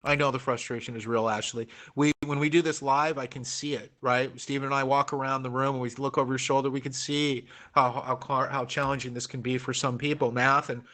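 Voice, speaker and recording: A man's voice: medium pitch, little pitch movement, fairly quick, hardly any pauses, fairly bright tone. A middle-aged man from Oregon teaching a real estate class online, coaxing students through the math with repeated, encouraging phrases.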